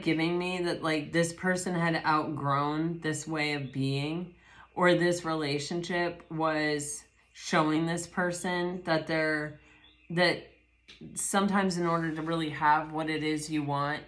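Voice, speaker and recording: A woman's voice: deep voice, fairly bright tone. A woman doing a casual spoken tarot reading, reflective and rambling, often restarting her sentences. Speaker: tarot reader. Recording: roomy echo.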